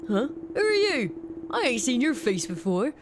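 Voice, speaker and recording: A woman's voice: a little high, sing-song, unhurried, noisy background. A woman playing a cocky miner lad. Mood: dismissive. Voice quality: slangy, mocking, shooing people off. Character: brash cocky young male miner, dismissive. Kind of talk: reading game dialogue aloud.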